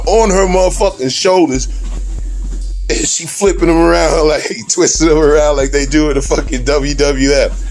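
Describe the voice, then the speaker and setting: A man telling stories in a casual video diary, cursing constantly and laughing as he talks. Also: fairly high pitch. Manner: heavy cursing, laughs often, animated when telling stories. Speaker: video diarist. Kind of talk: profane casual storytelling.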